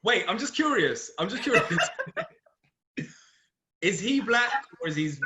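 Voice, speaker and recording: A man's voice: sits high, very animated, takes it slowly, very noisy. A young man bantering crudely as a guest in a comedy chat game, teasing and often laughing. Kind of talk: joking casual banter. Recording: roomy echo.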